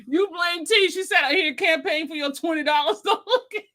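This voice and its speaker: A woman's voice: extremely high pitch, fairly quick, bright, forceful tone. A woman hosting a casual livestream chat, laughing constantly and reading viewer comments aloud. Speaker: livestream host.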